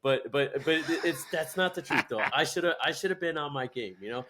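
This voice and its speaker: A man's voice: fairly high pitch, lively intonation, fairly quick, bright, forceful tone, slight background noise. A young adult man, a guest in a chat, speaking hesitantly with many restarts and fillers. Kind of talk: casual chat.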